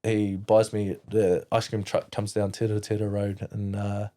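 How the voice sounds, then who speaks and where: A man's voice: fairly low pitch, monotone, moderate pace, warm tone. A man with a New Zealand accent, a podcast guest telling his own story candidly, rambling with fillers, restarts and casual swearing.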